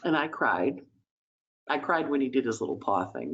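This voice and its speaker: A woman's voice: very deep voice, lively intonation, fairly quick, muffled recording. A woman host giving a chatty weekly astrology forecast, emotional and teary at times, acting out little voices in quotes.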